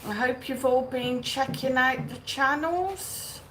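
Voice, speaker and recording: A woman hosting a relaxed live stream and reading out viewers' comments. Her voice sits high and she takes her time, greeting people by name. A faint noise hums under the recording. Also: slow, poor audio. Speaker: livestream host. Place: outdoors or home in Benidorm.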